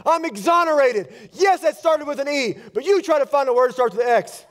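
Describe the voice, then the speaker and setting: Pastor, male, high-pitched, preaching in a church, fervent then hushed. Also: animated. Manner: emphatic preaching, rapid-fire declarations with rising intensity. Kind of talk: sermon.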